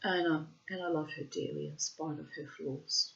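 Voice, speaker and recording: A woman's voice: low-pitched, fairly even intonation, normal speed, vocal fry, fairly bright tone. A woman telling a family story in a casual vlog, with dramatic, profane, self-assured storytelling and dull lo-fi audio.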